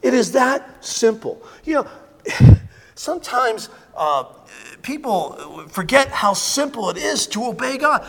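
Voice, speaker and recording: Man pastor, high voice, emphatic repetitive sermon delivery, long hall reverb. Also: very animated, takes it slowly, creaky, fairly bright tone. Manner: emphatic, repetitive preaching with fillers.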